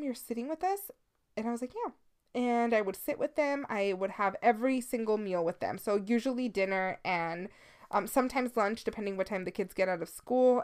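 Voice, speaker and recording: A woman in her thirties hosting a casual solo podcast, talking candidly and swearing freely, slipping into the odd Spanish phrase, a little sleepy. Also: mid-range voice. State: sleepy, yawning. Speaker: podcast host.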